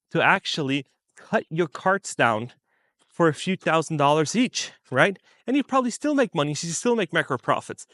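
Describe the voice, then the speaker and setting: A man's voice: a little high, fairly bright tone, dry recording. Rambling man with a dry close sound. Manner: rambling, restarts often, many "you know"s. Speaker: video creator. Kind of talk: casual opinion monologue.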